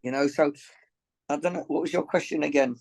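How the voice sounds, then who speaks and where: A man's voice: fairly high pitch, steady tone, fairly quick, gravelly, a little mellow, poor audio. An earnest man, a boxing coach, talks in a podcast interview with a slightly raised voice. He rambles, circles back to repeat himself and gets choked up with emotion. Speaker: boxing coach and gym owner.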